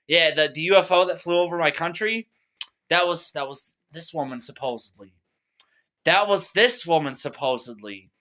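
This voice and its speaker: A man's voice: a little high, moderate pace, pushed and bright. A young man talking to camera in a rambling, agitated monologue, full of restarts and fillers. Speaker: vlogger.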